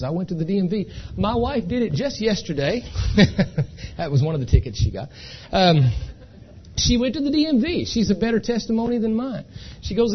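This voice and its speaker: A man with a high-pitched voice gives a folksy, chatty live talk at an identity theft seminar, telling stories and repeatedly checking in with the audience by asking "okay?". The highs are cut off, and there's slight background noise.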